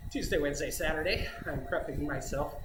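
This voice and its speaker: A man's voice: on the high side, brisk, roomy sound, background noise. A man chatting casually while riding an indoor bike, thinking aloud as he pedals hard. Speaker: cycling vlogger.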